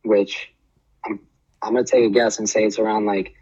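Husky man on a dull lo-fi call. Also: lowish voice, little pitch movement, moderate pace, a little mellow. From Boston. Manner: laid-back, laughs often. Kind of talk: casual chat.

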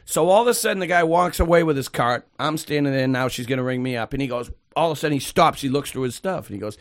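A man in his fifties in casual podcast chat, telling stories loudly with swearing and acted-out quotes. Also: mid-range voice, quick pace, no room sound, studio quality. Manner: loud, swearing, acts out quoted people. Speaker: podcast co-host.

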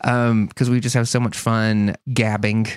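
A man's voice: lowish voice, flat delivery, a little slow, smooth, no room sound, clean studio sound. A man hosting a casual podcast, playful and rambling, often breaking into giggles. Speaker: podcast host.

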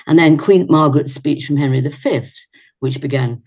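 Older actress from Leicester, England, as an interview guest; husky, animated storyteller with self-corrections, over a video call. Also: female voice, deep voice, normal speed. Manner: chatty and animated, with little laughs and self-corrections. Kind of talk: reminiscing in a casual interview. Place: indoors at home.

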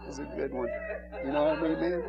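Joking preacher with a slightly high voice. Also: male voice, fairly even intonation, fast, vocal fry, lo-fi sound. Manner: banters and laughs with the congregation; rises to shouted emphasis. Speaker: pastor. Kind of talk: informal joking sermon. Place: church sanctuary.

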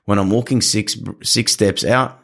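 A man with a somewhat low voice talks about training dogs in an easygoing conversation. He coaches earnestly, and he acts out little scenes along the way. His delivery stays practical and encouraging. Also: fairly even intonation, unhurried, fairly bright tone. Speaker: dog trainer. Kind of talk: casual podcast conversation.

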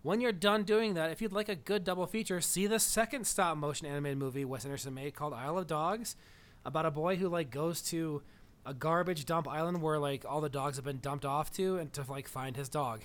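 Casual podcast co-host, male, fairly high voice, rambling enthusiasm. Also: steady tone, fairly quick. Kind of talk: casual chat.

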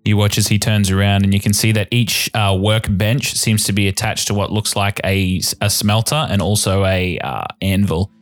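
A man's voice: on the low side, fairly even intonation, normal speed, few pauses, dry recording, soft background music. A man narrating as game master of a tabletop game, descriptive with frequent ums and uhs.

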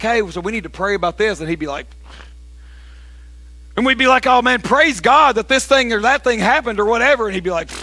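Folksy pastor, bright tone, animated sermon delivery. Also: male voice, high voice, no room sound. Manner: animated storytelling, bursts into shouted preaching; casual, folksy with "man" and "y'all".

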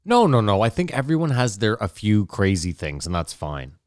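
A man's voice: on the low side, big pitch swings, moderate pace, darkish tone, no echo, studio quality. A man hosting a podcast, blunt and profane, teasing his co-hosts in casual chat. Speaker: podcast host and editor.

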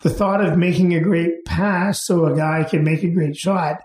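A man, raised in Canada, telling relaxed, rambling stories as an interview guest, with plenty of fillers and restarts. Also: a little high, moderate pace, roomy sound. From England, raised in Canada. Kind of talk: casual storytelling.

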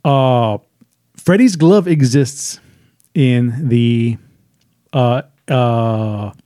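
A man co-hosting a film review podcast, telling the plot in casual chat, halting with fillers and acting out lines. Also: medium pitch, mellow, no room sound, clean studio sound.

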